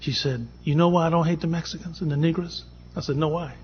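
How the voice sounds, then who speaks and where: A fast-talking Boston man with a fairly high voice and a steady tone recounts a personal story on a conference panel, acting out the quoted lines. A little hiss or hum runs under the dull, lo-fi conference audio.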